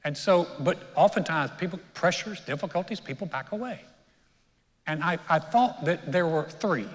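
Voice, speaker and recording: Guy pastor preaching a sermon, kinda high voice, big church echo, storytelling then punchy. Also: lively intonation, normal speed. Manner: storytelling preacher, builds to emphatic peaks. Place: church sanctuary. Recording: long reverb of a church hall.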